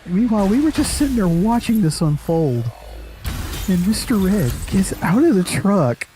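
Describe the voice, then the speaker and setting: A man's voice: sits high, very animated, normal speed. A man hosting a gaming channel, telling a story casually, laughing often and swearing freely. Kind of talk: casual storytelling over gameplay.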